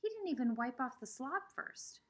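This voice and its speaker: A woman's voice: high-pitched, normal speed. A woman reading a children's novel aloud with expression. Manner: expressive, shifting between voices. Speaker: reader.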